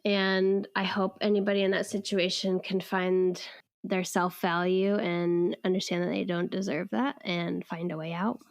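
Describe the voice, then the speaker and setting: A woman's voice: fairly low pitch, flat delivery, moderate pace, dry recording, clean studio sound. A woman with a New Zealand accent co-hosting a casual podcast, chatting loosely with lots of fillers. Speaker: podcast co-host. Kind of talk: casual chat.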